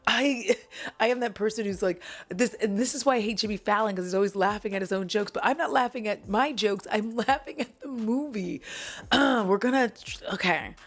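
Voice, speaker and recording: A woman's voice: mid-range voice, fairly quick. A woman at home casually recapping a movie, giggling and chuckling her way through it with apologetic asides. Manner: giggly, keeps breaking into laughter mid-sentence; self-deprecating, apologetic asides.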